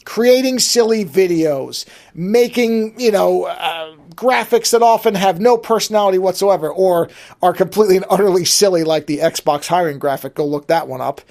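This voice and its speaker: Solo podcast host, medium pitch, chatty and reflective, restarts a lot. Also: normal speed, a little mellow. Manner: conversational, thinking aloud with frequent restarts. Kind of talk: solo daily podcast monologue.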